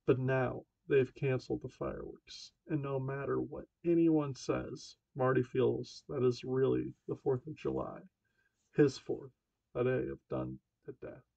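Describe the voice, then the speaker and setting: A man's voice: mid-range voice, creaky, mellow, dry recording. A man narrating a novel as an amateur audiobook reader, stumbling over words and correcting himself. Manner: stumbling reading with self-corrections. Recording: dull dry lo-fi home recording.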